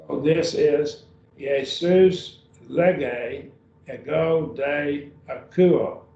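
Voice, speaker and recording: A man's voice: a little high, extremely slow, vocal fry, dark tone. A man teaching a beginning Greek class at a church, patient and often checking whether students follow. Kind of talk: classroom lesson. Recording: dull roomy sound from far off.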